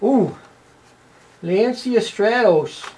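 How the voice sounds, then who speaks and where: A man with a Canadian accent gives folksy, rambling toy unboxing commentary, tagging lines with "eh" and plenty of "uh". His high voice has lively intonation and drawn-out words, with background noise behind him.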